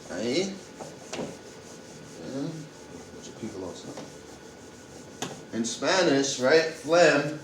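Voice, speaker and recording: A native English speaker teaches medical Spanish vocabulary to health workers in an informal class, repeating and spelling words while thinking aloud. His medium-pitched voice is fairly bright, heard through a distant mic in a reverberant room with slight background noise on a rough recording.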